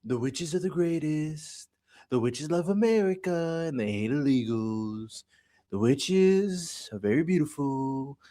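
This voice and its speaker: A man doing a slow, boastful impression of a rambling male politician. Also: fairly high pitch, expressive, warm tone, pitched above the performer's own voice.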